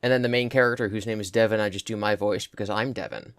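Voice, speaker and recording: Hoarse young man chatting. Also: on the low side, steady tone, fast, no echo, studio quality. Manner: chatty, tells anecdotes. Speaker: podcast co-host. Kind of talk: casual chat.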